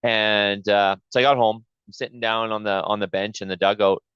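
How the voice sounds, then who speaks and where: A podcast host with a lowish voice tells a story in casual conversation, swearing freely while acting out the quoted back-and-forth with animation. He speaks at a moderate pace with a clean tone, and the sound is lo-fi with no echo.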